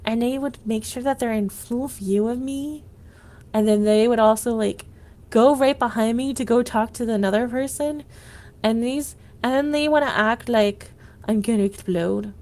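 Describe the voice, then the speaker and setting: A woman's voice: a little high, moderate pace, a little mellow. A woman livestreaming, venting in a rambling casual monologue, full of "like" and restarts.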